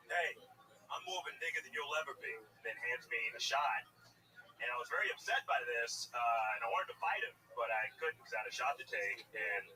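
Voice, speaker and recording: A man in his thirties from Alabama doing a stand-up set and then a short interview, telling stories quickly and dryly. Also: medium pitch, sharp tone, recorded from a distance, a little hiss or hum, low-quality recording. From Birmingham, Alabama, US. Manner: quick, dry storytelling. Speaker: stand-up comedian. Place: live comedy show stage.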